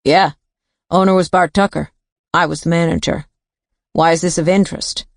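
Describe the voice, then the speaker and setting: A woman's voice: on the low side, steady tone, moderate pace, creaky, no room sound, clean studio sound. A woman narrator voicing a wiry, evasive male bar owner in his forties who answers tersely.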